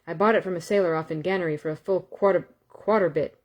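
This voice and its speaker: A crafty young man in disguise, pushing a deal with wheedling salesman's patter in a storybook, as a woman reader puts him on. The voice stays low and easy. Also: fairly even intonation, fast, dull audio, close to an everyday voice. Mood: sly wheedling. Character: young male hero in disguise, sly and persuasive.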